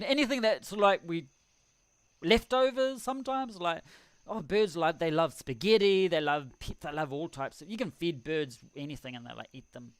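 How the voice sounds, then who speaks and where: A man's voice: a little high, no room sound. A man hosting a casual live stream at home, rambling, chuckling and reading out the chat in a self-deprecating way. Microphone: desk microphone.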